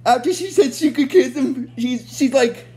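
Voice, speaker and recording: A woman's voice: high voice, moderate pace, warm tone. A woman casually recapping a TV episode in a rambling way, full of fillers and restarts. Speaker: show recap host.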